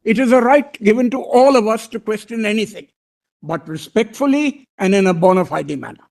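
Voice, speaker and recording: High-voiced man arguing before judges. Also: animated, creaky, a little mellow. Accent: Indian English. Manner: deliberate, deferential, repeats "my lord" often. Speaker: senior advocate arguing before a court bench. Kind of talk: courtroom legal argument.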